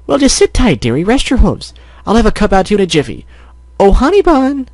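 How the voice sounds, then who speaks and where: A man voicing a sweet, motherly female baker pony who fusses over her customers in a high, doting voice. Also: huge pitch swings, brisk, darkish tone, dry recording, full character voice.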